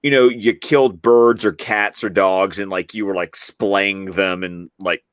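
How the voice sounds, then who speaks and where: Relaxed male podcast guest, dry sound. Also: low voice, measured pace, smooth, no echo. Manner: relaxed and conversational, tells stories. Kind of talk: casual chat.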